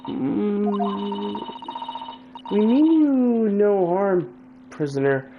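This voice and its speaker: A man's voice: high voice, expressive, very slow, vocal fry, phone-quality sound, noisy background, voice pushed up, full character voice. A man voicing a polite, earnest young male lawyer who stammers and hesitates. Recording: game music behind.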